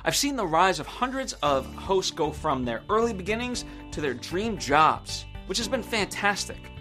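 A man's voice: high-pitched, sharp tone. A man hosting a podcast, delivering an earnest, reflective scripted monologue. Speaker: podcast host.

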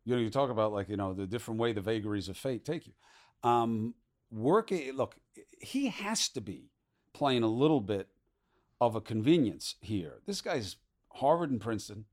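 A man hosting a podcast interview, talking in a quick, conversational way with many fillers. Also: mid-range voice, lively intonation. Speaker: podcast host.

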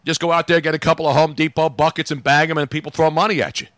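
A man hosting a radio show, bantering in a loud, teasing way. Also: fairly high pitch, flat delivery, quick pace, dry recording, clean studio sound. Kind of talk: casual on-air banter.

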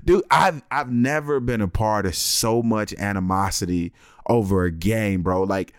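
A man's voice: lowish voice, a little slow, smooth, no room sound, studio quality. A man in his thirties telling a comic story in casual chat and acting out the other people in it. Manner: animated, acts out other people's lines.

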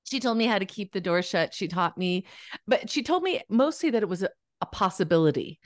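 A woman of middle pitch talks with a lively storyteller's energy, slipping into little voices for the people she quotes and laughing between thoughts. The sound is close and dry, with no room around her. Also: brisk, dry recording. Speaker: guest author. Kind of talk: casual podcast interview.

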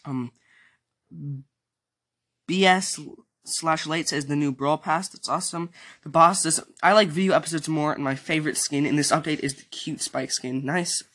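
A man's voice: a little high, normal speed, sharp tone. A young man hosting a casual solo podcast, reading out listener comments in a rambling way with lots of fillers, his throat sore. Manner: rambling, many fillers and restarts. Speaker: podcast host.

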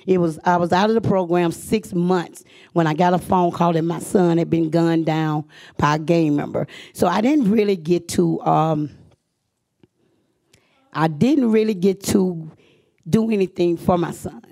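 Gravelly woman telling her story. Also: lowish voice, measured pace, warm tone. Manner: earnest, emphatic, repeats phrases for weight. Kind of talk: live personal storytelling to an audience.

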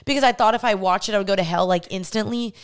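Young woman podcast host, clear smooth voice, earnest and candid, chatty faith testimony. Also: medium pitch, quick pace. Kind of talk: personal faith testimony, casual storytelling.

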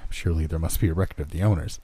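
A man voicing a skeptical young businessman in a horror story reading, with a brisk, blunt manner. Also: very deep voice, fairly even intonation, dark tone, slightly rough. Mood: probing. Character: young male city businessman, skeptical and curious.

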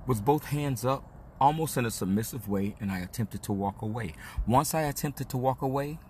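A man's voice: mid-range voice, moderate pace, a little mellow, a little hiss or hum. A man hosting a podcast, telling a personal story in a casual, slang-heavy, confessional way. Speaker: podcast host. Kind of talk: candid storytelling monologue.

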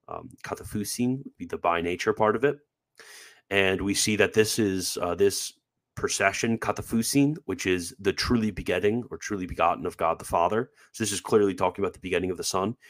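A man hosting a live stream, explaining quotes in a chatty, filler-heavy manner and joking about his own pronunciation. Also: low-pitched. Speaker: host presenting theology quotes. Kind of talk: livestream commentary.

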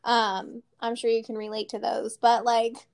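A woman in her thirties co-hosting a podcast in casual chat, talking quickly and loosely, peppering her talk with "like" and laughing often. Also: a little high, monotone, gravelly, a little mellow. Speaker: podcast co-host.

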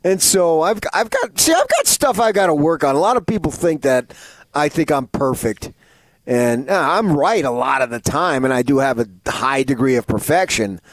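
A man co-hosting sports radio, his voice sitting high and swinging widely as he plays up mock outrage. The studio sound is close and dry. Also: sing-song, moderate pace, dry recording. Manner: mock-indignant, theatrical. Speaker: radio co-host.

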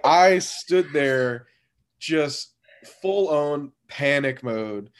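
Man, thirties, casual storytelling, rambling, lots of fillers, mid pitch. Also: expressive, slow. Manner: laid-back, rambling with many fillers and frequent laughs.

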